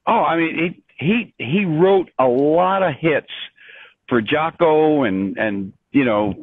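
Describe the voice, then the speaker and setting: An older man, a composer, telling stories in an interview with many restarts and an animated, rambling manner over a remote call. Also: fairly high pitch, slow pace, no room sound. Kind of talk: storytelling in an interview. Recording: dry tinny phone-like line.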